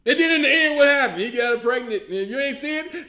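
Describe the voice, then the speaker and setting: A man with a high-pitched voice rants at full tilt, swearing and laughing in disbelief as he picks a movie apart. He comes from Illinois and hosts his own comedy show. His voice rings around an echoey room. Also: animated, quick pace, hardly any pauses. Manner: loud, profane, incredulous ranting with laughs. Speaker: comedian host. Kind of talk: animated comedic movie rant.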